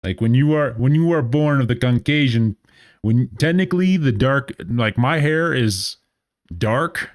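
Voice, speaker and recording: A man's voice: mid-range voice, measured pace, no room sound, clean studio sound. A man in his thirties giving casual gameplay commentary as a streamer, sarcastic, rambling and profane.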